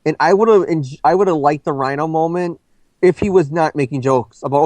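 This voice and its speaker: A man co-hosting a movie review chat, rambling quickly with many restarts and self-corrections. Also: on the high side, darkish tone, no room sound. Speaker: co-host of a movie review show.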